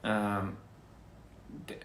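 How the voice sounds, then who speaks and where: A man's voice: very slow, fairly bright tone, echoey room, a little hiss or hum. A man chatting casually on a phone livestream, rambling through goofy wordplay and laughing at his own jokes. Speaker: livestream host.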